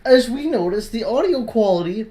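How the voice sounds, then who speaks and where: A woman's voice: fairly high pitch, animated, normal speed, warm tone. A woman co-hosting a casual review chat, groaning and stammering as she talks. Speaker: co-host.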